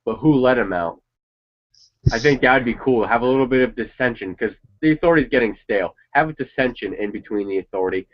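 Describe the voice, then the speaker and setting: Hardly pausing, a medium-pitched man talks quickly while reacting to a wrestling show. His casual chat rambles, leans opinionated, and includes the odd swear word, on a dull lo-fi recording.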